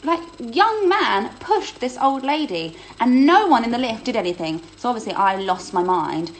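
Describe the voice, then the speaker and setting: A woman, chatting casually on a phone livestream, reading out viewer questions and answering them with a self-deprecating, quick-to-laugh manner. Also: fairly high pitch, expressive, a little hiss or hum, low-quality recording. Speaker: host of a livestream Q&A.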